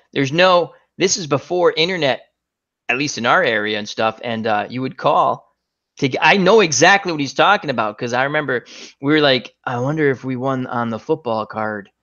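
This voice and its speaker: A middle-aged man hosts a relaxed chat and jokes his way through anecdotes, doing quick voices for the people in his stories. His voice sits in an ordinary middle pitch. The recording sounds a little dull and lo-fi. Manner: joking storyteller, acts out voices in anecdotes. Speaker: host. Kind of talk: casual chat.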